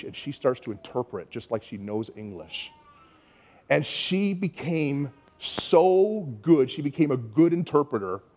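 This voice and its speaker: Canadian-raised male pastor, lively sermon storyteller, acts out each quoted voice. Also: medium pitch.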